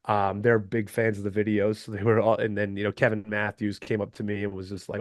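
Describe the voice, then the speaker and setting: A man guesting on a podcast, telling stories in a casual, animated way, often acting out what others said and laughing. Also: lowish voice, quick pace, no room sound, clean studio sound. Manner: animated, acts out quotes in changed voices. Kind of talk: casual storytelling interview.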